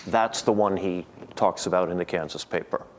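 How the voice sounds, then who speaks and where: Low-voiced man giving a lecture. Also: moderate pace, a little hiss or hum. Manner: thinking aloud, frequent restarts and repeated words. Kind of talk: academic lecture.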